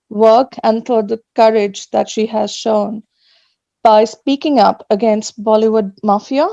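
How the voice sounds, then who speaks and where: A woman speaking earnestly and with emotion at an online rally, pausing as she is moved. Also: on the high side, creaky, warm tone, no echo. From Australia. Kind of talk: emotional public statement. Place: home at night. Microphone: video call. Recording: muffled video-call audio.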